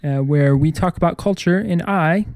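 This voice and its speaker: A man's voice: fairly high pitch, normal speed, a little mellow, no room sound, clean studio sound. A man hosting a casual, joking talk segment, rambling and playful. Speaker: segment host. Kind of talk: casual comedic chat.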